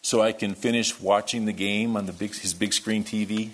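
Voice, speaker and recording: A man preaching a sermon, telling a story that moves between quiet, hushed lines and loud, worked-up ones. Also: fairly low pitch, little pitch movement, normal speed. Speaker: pastor.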